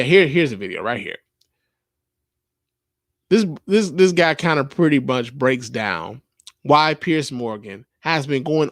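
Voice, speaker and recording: A man's voice: mid-range voice, no room sound, clean studio sound. A man from the United States hosting a podcast, talking in a casual, profane, rambling way full of fillers and restarts. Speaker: podcast host. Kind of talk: casual commentary.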